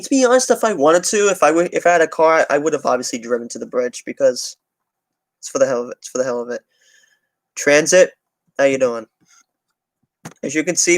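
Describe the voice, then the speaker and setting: A man's voice: fairly high pitch, no room sound. Rambling, profane young New man. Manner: rambling, heavy swearing, restarts. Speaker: transit channel streamer. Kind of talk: casual livestream chat.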